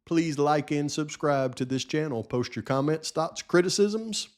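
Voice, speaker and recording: A man's voice: fairly high pitch, animated, a little slow. A man hosting a true-crime commentary channel, firing off indignant rhetorical questions. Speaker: host.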